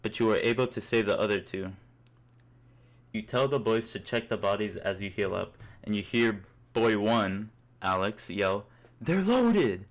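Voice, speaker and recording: A man's voice: lowish voice, steady tone, moderate pace. Young man, amused mock-epic storyteller. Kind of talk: second-person comic storytelling.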